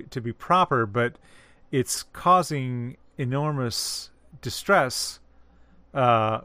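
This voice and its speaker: A man in a casual literary discussion, explaining at a measured, careful pace and pausing to find his words. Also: medium pitch, fairly bright tone, clear, resonant tone, no room sound. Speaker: discussion co-host.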